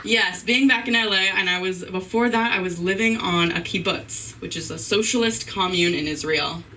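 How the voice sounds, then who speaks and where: A woman's voice: on the low side, moderate pace, distant mic. Giggly, rambling woman at an open mic. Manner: giggly, rambling, self-deprecating. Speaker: stand-up comedian. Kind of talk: stand-up comedy. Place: live open mic night at a comedy venue. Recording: off-mic voice with faint room noise.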